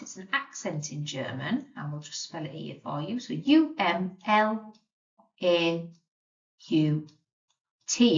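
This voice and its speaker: A woman teaching a beginner language lesson, patiently sounding out and spelling words. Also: lowish voice. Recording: roomy, distant, dull lo-fi sound.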